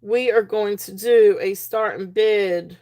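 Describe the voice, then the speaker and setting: A woman's voice: mid-range voice, fairly even intonation, slow, mellow. Chatty woman hosting an auction. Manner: chatty, rambling, many fillers and restarts, reads chat aloud. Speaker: livestream auction host. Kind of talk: casual live-stream selling chat.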